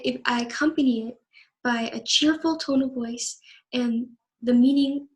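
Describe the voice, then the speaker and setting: Flat-voiced young woman presenting. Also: fairly high pitch, low-quality recording. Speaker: student presenter. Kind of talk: scripted class presentation.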